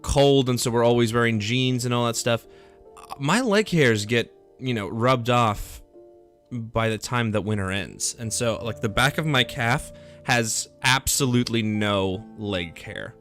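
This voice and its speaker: Streaming his gameplay live, this young man chats casually and cheerfully, rambling along at a measured pace in a slightly bright, mid-range voice. Soft background music can be heard faintly.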